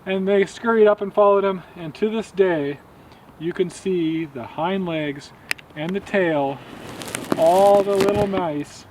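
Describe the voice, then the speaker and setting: A man's voice: high-pitched, slow pace, a little mellow, slight background noise. A man teaching a botany field lesson outdoors among trees, explaining in a friendly way and telling a folk tale.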